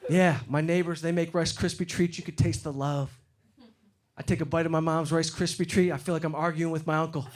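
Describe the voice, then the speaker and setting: A middle-aged man from Detroit doing a stand-up comedy set on stage, getting loud and animated when he acts out other people. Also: a little high, a little fast, very noisy. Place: comedy stage before a live audience. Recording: live show with loud crowd laughter. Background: crowd laughing.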